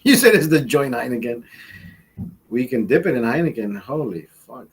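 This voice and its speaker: A man's voice: medium pitch, animated, normal speed, pauses often, husky. A man hosting a casual livestream, chatting with viewers in a rambling, profane and giggly way. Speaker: livestream host.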